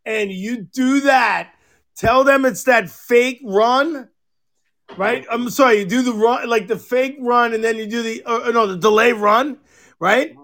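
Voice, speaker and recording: A man hosting a podcast in casual chat, cursing and telling animated stories. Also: very high voice, unhurried. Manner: profane, animated storytelling, mimics others loudly. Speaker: podcast host.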